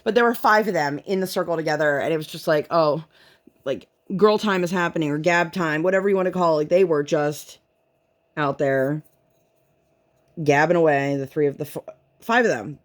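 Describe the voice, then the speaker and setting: A woman vlogger and mother talks casually at normal speed in a low voice while working on a craft. She rambles chattily and uses "like" a lot.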